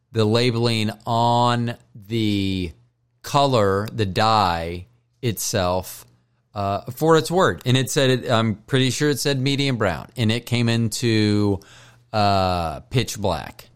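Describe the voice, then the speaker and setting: A low-voiced man hosts his own podcast while high, drifting from joke to joke. He swears freely and keeps apologizing for himself in a loose, self-mocking ramble. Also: clear, resonant tone. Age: older. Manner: profane, joking, self-deprecating. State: stoned. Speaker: podcast host.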